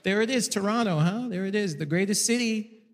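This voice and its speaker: A man opening a stand-up comedy set with loud, excited banter aimed at the crowd. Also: high voice, a little fast, long reverb tail.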